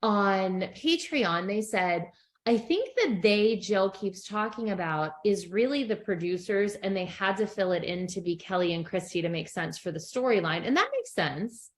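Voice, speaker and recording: With an expressive, medium-pitched voice at a moderate pace, a middle-aged woman co-hosting a podcast chats casually about a reality show. Her stories come with acted-out quotes and lots of laughter.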